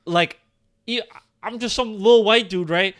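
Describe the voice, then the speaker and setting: A man's voice: sits high, a little slow, fairly bright tone. A man in his twenties co-hosting a casual podcast, telling stories with lots of fillers and swearing. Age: 20s. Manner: rambling, profane, filler-heavy storytelling. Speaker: podcast co-host. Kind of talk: casual chat.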